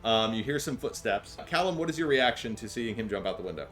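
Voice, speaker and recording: A man running a tabletop role-playing session as game master, with a medium pitch and a low-key, chatty delivery. He laughs easily between bits of narration. Soft background music plays behind him. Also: animated, quick pace.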